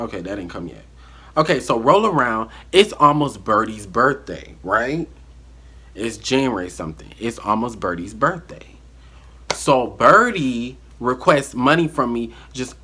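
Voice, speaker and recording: A man telling a casual storytime on his vlog, animated and acting out the quotes. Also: medium pitch, husky. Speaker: vlogger.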